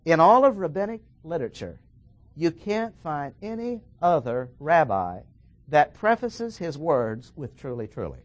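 A man preaching a verse-by-verse sermon, emphatic and slowing down to stress the key words. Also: on the high side, big pitch swings.

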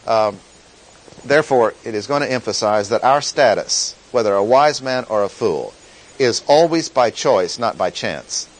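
A man teaching through a Bible passage in a sermon, deliberate and emphatic, repeating key phrases. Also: medium pitch, rough recording. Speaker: pastor teaching.

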